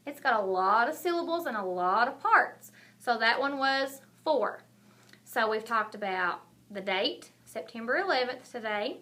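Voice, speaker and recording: Bright high-voiced kindergarten teacher. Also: female voice. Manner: slow, clear, encouraging teacher talk. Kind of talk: recorded video lesson for young children.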